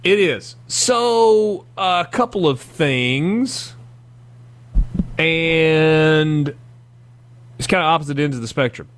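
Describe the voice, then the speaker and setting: A man hosts a sports talk radio show. His voice sits a little high for a man, and his delivery is chatty and self-deprecating, getting animated whenever he jokes. He talks loosely with the studio crew. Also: slow, long pauses, a little hiss or hum. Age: 40s.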